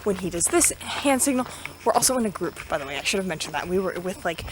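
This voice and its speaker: A woman's voice: fairly low pitch, lively intonation, quick pace, noisy background. A young woman telling a dramatic story in a casual vlog, out of breath as she walks up a hill path. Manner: chatty and dramatic, many fillers. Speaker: vlogger. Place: outdoors on a forest hill path. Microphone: handheld camera.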